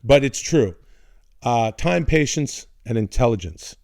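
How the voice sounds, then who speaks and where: A man's voice: medium pitch, lively intonation, a little slow, a little mellow, dry recording, clean studio sound. A man in his forties telling a rambling, profane story on a casual podcast, slipping into voices of his relatives. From North America. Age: 40s. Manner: rambling, swearing, restarts, put-on voices for relatives. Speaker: podcast co-host.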